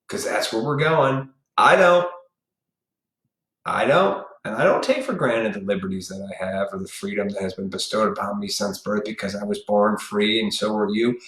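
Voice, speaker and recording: A man's voice: on the low side, fairly bright tone, echoey room, poor audio. Blunt, profane man ranting. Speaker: live stream host. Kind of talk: ranting monologue.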